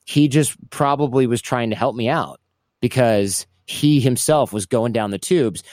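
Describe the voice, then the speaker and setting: Medium-pitched and a little slow, this man's voice comes through clean studio sound with no room sound. An interview guest recounting his past, he tells an animated, casual story, frequently restarting and acting out quoted voices.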